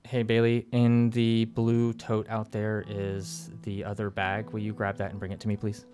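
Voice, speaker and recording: Low-voiced man running a tabletop game. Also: monotone, over music. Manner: measured, explaining rules step by step. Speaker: game master.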